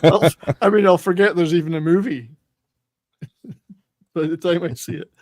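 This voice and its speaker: A man joining a podcast in casual chat, blunt, wry and deadpan. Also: on the high side, unhurried, dry recording.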